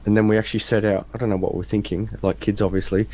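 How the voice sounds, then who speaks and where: An Australian man on a video call, telling casual anecdotes in an animated way, acting out the people in his stories. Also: on the low side, racing. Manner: animated anecdote teller, acts out voices in stories. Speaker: interviewer. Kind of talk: casual storytelling chat. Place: home room with adjustable lights.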